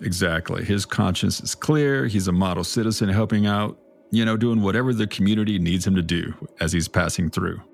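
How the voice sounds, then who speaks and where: Male podcast co-host, low and gravelly, laid-back, jokey storyteller. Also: brisk. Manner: relaxed and jokey, with dramatic read-aloud narration. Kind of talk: casual storytelling chat.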